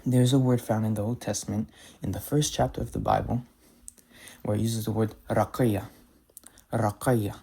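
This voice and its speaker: A man teaching pronunciation, talking slowly and carefully, repeating example words and correcting himself as he goes. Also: lowish voice, steady tone, gravelly, dark tone, slightly rough. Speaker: language teacher. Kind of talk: explaining pronunciation to camera.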